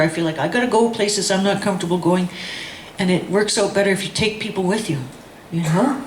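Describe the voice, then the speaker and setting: A woman poet talking casually with a group about her poem. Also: lowish voice. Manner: rhythmic, chanting, slow and hushed in the poem. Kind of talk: leading a group chant, then casual talk. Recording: echoey room with faint noise.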